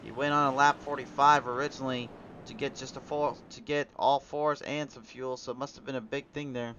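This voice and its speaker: A man's voice: mid-range voice, fairly quick, highs cut off, a little hiss or hum. A man from Iowa giving sim racing play-by-play commentary, chatting with viewers between calls. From Iowa, USA. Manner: chatty, reads viewer chat aloud, rises to excited calls. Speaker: race commentator.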